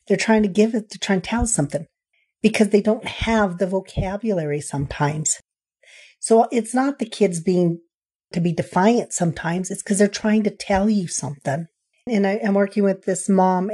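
A middle-aged woman counselor talking earnestly about parenting in an interview, acting out parents and children as she quotes them. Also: mid-range voice. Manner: earnest, animated when quoting parents. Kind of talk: conversational interview.

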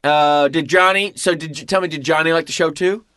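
A man imitating his eager, excitable older father, who repeats himself in a raised, loud, high voice. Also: a little fast, dry recording. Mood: excited.

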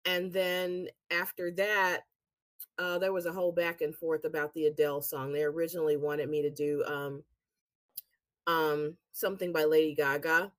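A woman guest, a singer and actress, telling stories in a casual interview with animated, laughing delivery. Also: sits low, moderate pace, no room sound. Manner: chatty, animated storytelling with laughs.

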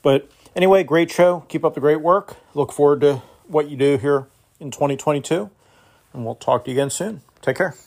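A man's voice: fairly high pitch, fairly quick, creaky, darkish tone. A man leaves a casual voice message for a podcast. He sounds friendly and rambles a little between thoughts. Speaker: caller. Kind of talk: recorded voice message.

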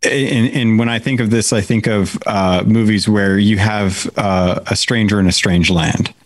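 A man co-hosting a casual podcast, relaxed and backing up his partner with short replies. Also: on the low side, unhurried, dry recording. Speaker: podcast co-host. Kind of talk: casual chat.

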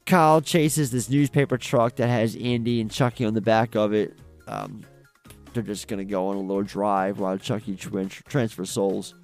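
A man's voice: fairly low pitch, fairly even intonation, moderate pace, a little mellow, faint music behind. A man co-hosting a film podcast, casually and enthusiastically retelling scenes with some swearing. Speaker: podcast co-host. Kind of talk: casual film review chat.

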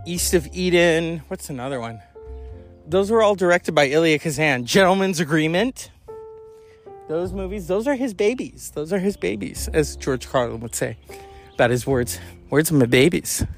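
Male podcast host, high voice, rambling and candid, swears freely, faint music underneath. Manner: rambling, candid, profane, with sighs and yawns. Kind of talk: casual monologue.

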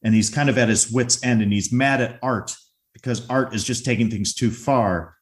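A man's voice: medium pitch, moderate pace. A man co-hosting a podcast, casually retelling a movie scene and briefly acting out the characters' lines. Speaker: podcast co-host.

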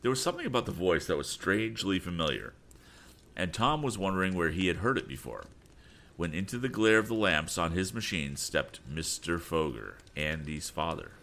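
Deep-voiced man narrating a story. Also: very animated, normal speed, creaky, fairly bright tone. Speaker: audiobook narrator. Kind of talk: scripted narration.

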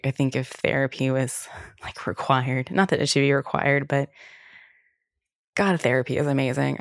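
The voice is extremely low and gravelly, on a dry studio-quality recording. A young woman hosts her podcast alone, chatting casually and candidly with frequent "like"s and some swearing.

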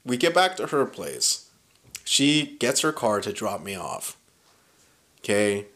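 A man's voice: on the low side, slow. A young man telling a wild story on a podcast, swearing freely and laughing as he goes. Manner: profane, animated, laughing through the story. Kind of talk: casual storytelling chat.

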